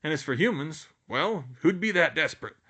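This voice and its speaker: A man's voice: expressive, normal speed. Een luide, ruwe oudere reus als jachtopziener, gespeeld door een man, volks en bot, levendige heldere stem. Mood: muttering. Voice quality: loud, gruff rural-sounding dialect. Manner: booming, blunt and folksy. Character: huge gruff gentle male gamekeeper, older.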